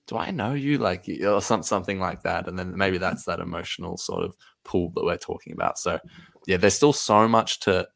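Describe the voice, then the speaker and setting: A man's voice: deep voice, fairly even intonation, normal speed, gravelly, fairly bright tone. A man co-hosting a podcast in casual chat, rambling and laughing easily. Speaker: podcast co-host.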